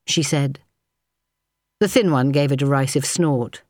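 A woman narrating a novel as an audiobook in a measured, even storytelling manner. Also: rumbling low, no room sound, studio quality.

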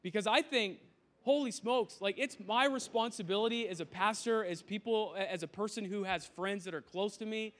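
A man's voice: high voice, normal speed, a bit bright. A youth pastor in his thirties giving a sermon in a tent, talking in an earnest, conversational way with frequent restarts and asides. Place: large tent used as an auditorium.

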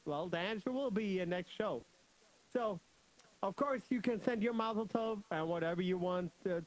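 A young man hosting a children's radio show, joking, laughing often and telling stories in an animated way. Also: sits high, moderate pace, rough recording. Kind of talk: playful storytelling for kids.

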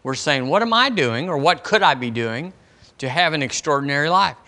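A man's voice: a little high, lively intonation, normal speed, bright, forceful tone. A man preaching a sermon as pastor of a church, in a folksy, conversational way, acting out questions people ask the Lord. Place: church sanctuary.

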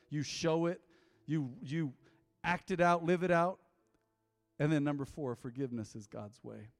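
Storytelling pastor in an echoing church. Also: male voice, on the high side. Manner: confessional, joking, swings from loud to hushed. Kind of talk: sermon with storytelling and altar call. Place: church sanctuary. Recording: long hall reverb.

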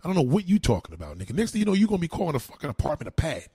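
A man tears into viewers' comments in a combative, profane livestream rant, repeating his retorts over and over. His voice is husky and sits a little high, and it swings up and down with a lot of life. The sound is close and dry. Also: wildly swooping pitch, very fast, mellow, no echo. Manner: combative, repetitive, heavy cursing and slang. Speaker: livestream host answering comments.

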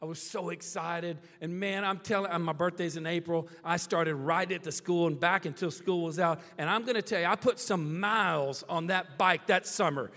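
High, bright-voiced preacher man in a hall. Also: normal speed, hardly any pauses. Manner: animated, dramatic, keeps checking in with "all right?" and "okay?". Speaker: pastor. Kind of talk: storytelling sermon. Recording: long reverb of a big hall.

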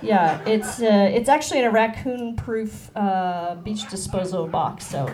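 A woman's voice: mid-range voice, a little slow, a little mellow. A young woman performing a rambling, self-deprecating stand-up set with lots of ums and giggles. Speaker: stand-up comedian. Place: club stage with audience.

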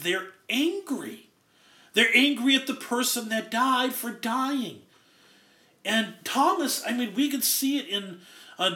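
High, bright-voiced man preaching. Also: roomy sound. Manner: earnest, explains Greek word by word. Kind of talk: expository sermon.

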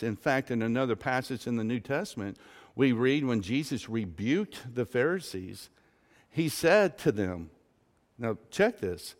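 A man preaching a sermon as pastor, slow and emphatic, asking the congregation rhetorical questions. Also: mid-range voice, big-room sound. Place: church sanctuary.

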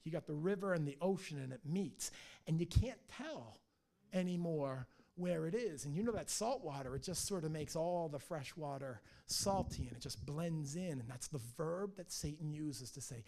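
Gravelly, animated male pastor preaching. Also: a little high, normal speed. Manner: animated storytelling, restarts and stammers. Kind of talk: sermon. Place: church.

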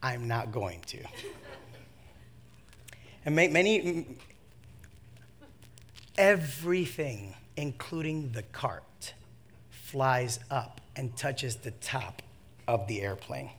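A man preaching a sermon, telling a comic personal story with lively swings from hushed asides to shouts, laughing at himself. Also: mid-range voice, slow, long pauses.

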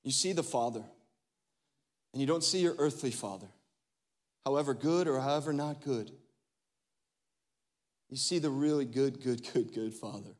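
A man in his thirties, a pastor preaching a lively sermon, swinging between loud exclamations and hushed asides and laughing often. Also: mid-range voice, normal speed, long pauses. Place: large church hall. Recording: long hall reverb.

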